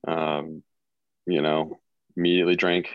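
A man's voice: rumbling low, little pitch movement, measured pace, dry recording, narrow, tinny audio. A man, a guest on an interview, telling stories in a laid-back, joking way. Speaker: guest recovering from a gunshot wound. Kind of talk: casual podcast interview storytelling.

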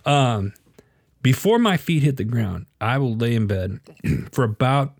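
A middle-aged man talks openly about his faith in a relaxed conversation. He speaks in an earnest, confiding way and often circles back over his words as he thinks. The sound is dry and close to the mic. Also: mid-range voice, unhurried, no echo. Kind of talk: casual faith chat.

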